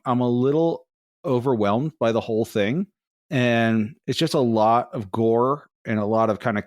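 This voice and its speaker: A man's voice: lowish voice, no echo. Dry-voiced man telling a casual story. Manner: rambling, self-deprecating storyteller. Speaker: podcast co-host.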